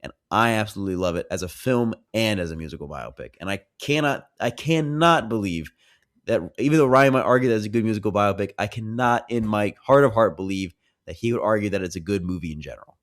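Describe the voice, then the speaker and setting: A young man pushing his side in a lighthearted film debate, emphatic and teasing. He speaks quickly in a fairly low voice. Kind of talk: casual comedic debate.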